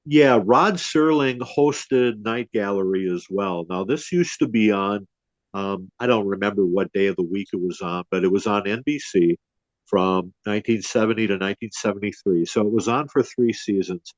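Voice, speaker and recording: A man's voice: on the low side, normal speed, dry recording. A middle-aged man hosting a podcast, telling a story from memory in a rambling, casual way with fillers and restarts. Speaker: podcast host. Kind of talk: casual chat. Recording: dull lo-fi podcast audio.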